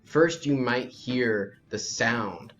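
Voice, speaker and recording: Brief: male game master, mid-pitched voice, slow descriptive narration, slightly dull recording. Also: a bit bright. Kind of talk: narrating a tabletop role-playing game for kids. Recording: lo-fi with faint music.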